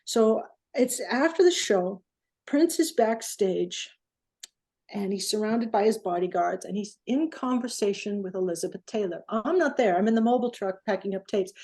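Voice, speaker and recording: A woman recording engineer, interviewed as a guest, telling a story in an animated way and acting out the quotes. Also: mid-range voice, moderate pace, breathy edge.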